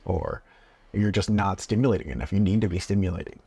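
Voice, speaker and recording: A man being interviewed, answering in a calm and earnest way. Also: deep voice, brisk, creaky, slightly rough, no room sound. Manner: calm, earnest, acts out parent-child dialogue. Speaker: guest. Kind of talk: casual interview.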